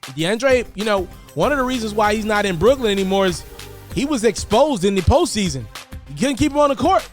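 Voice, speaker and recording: A man giving casual, animated basketball commentary, often repeating words and jumping up in pitch for emphasis. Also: brisk, soft background music.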